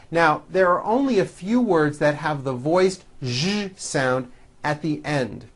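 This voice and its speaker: An English pronunciation teacher, leading drills and reading practice sentences in a deliberate, carefully articulated way. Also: medium pitch, expressive. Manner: slow, deliberate, clearly articulated drilling of words. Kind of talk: recorded English pronunciation lesson.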